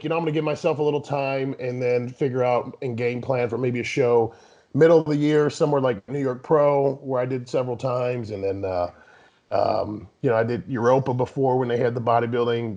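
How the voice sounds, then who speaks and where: A man's voice: mid-range voice, steady tone, brisk, a little mellow. Rambling man with a dull lo-fi sound. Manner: rambling, frequent restarts and "you know". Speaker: guest bodybuilder. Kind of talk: casual interview talk.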